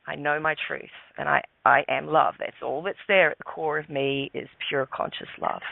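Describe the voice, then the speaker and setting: Aussie guy telling his story over a phone line, gravelly, dry sound. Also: fairly high pitch, moderate pace, dry recording. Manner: calm storyteller, repeats words, slang. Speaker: guest. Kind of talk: telling a personal story on a call-in show.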